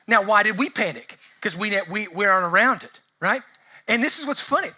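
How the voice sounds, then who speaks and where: A man preaching a casual, conversational sermon as pastor, asking the congregation lively rhetorical questions. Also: high voice, fairly quick.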